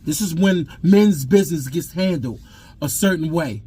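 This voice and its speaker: A father telling his own story in an intense, raw way, repeating himself and swinging between loud outbursts and hushed admissions. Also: on the high side, moderate pace, breathy edge. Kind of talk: emotional personal storytelling to camera.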